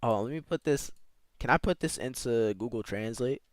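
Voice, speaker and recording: A man's voice: mid-range voice, moderate pace, no echo. A man streaming live, chatting casually with his viewers and playfully sounding out foreign words. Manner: talks to chat with slangy asides.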